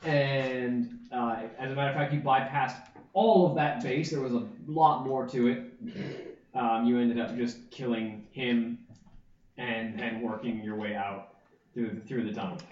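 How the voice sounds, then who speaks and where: A man's voice: mid-range voice, fairly even intonation. Man running a tabletop game from afar. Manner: halting, restarts phrases often. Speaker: game master. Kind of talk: narrating a tabletop game recap. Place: room shared with other players. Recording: very roomy, distant, muffled lo-fi.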